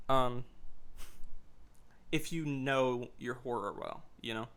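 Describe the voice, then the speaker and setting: Young male streamer, live game commentary, bright, forceful voice, jittery and profane. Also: mid-range voice, slow pace, long pauses, clean tone. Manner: excitable, nervous, swears a lot.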